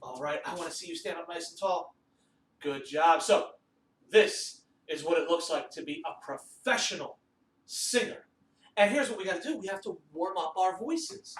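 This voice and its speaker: Animated man teaching kids music. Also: a little high, moderate pace. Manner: animated, sing-song directions. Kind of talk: children's music lesson. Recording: roomy echo, distant mic, faint noise.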